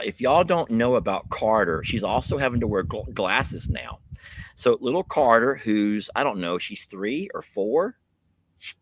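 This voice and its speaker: A man's voice: lowish voice, a bit bright. A man hosting a livestream, chatting casually and folksily with a guest. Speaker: livestream host. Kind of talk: casual live chat with a guest.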